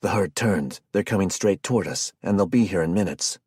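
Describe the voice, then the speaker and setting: An urgent male scout, played by a narrator, speaking loudly with a deep, slightly husky voice in a close, dry recording. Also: fairly quick, no room sound. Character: urgent male scout bringing bad news.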